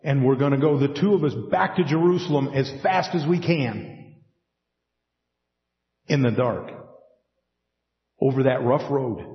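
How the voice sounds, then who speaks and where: A man preaching a sermon in an animated way, acting out scripture scenes with folksy asides. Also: medium pitch, a little slow, pauses often. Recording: echoey hall, dull lo-fi sound.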